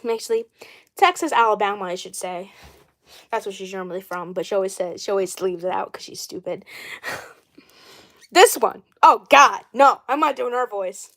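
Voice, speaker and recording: A woman's voice: medium pitch, moderate pace, fairly bright tone. Rambling woman hosting a doll livestream. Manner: rambling, clears her throat often. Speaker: doll channel host. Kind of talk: casual livestream chat.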